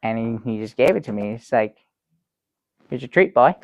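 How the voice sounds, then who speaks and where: A man playing a gravelly, earnest sad sack. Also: medium pitch, animated, moderate pace, no room sound, lo-fi sound. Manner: earnest, rambling storyteller with many restarts. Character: naive sad-sack man, middle-aged, earnest and oblivious. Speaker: comedy sidekick telling a story. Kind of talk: improvised sketch comedy banter.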